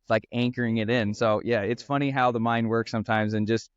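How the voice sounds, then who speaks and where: A man's voice: mid-range voice, steady tone, clear, resonant tone, no room sound. Golf coach guy on a podcast, talks on and on with "you know"s, dull audio. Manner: earnest, fast-flowing with frequent fillers. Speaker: golf instructor and brand founder. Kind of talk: casual podcast conversation.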